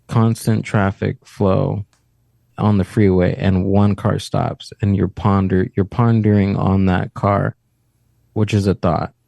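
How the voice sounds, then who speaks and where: A man guesting on a podcast, calm and reflective, explaining ideas with everyday images. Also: fairly low pitch, vocal fry, no echo. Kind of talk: casual podcast chat.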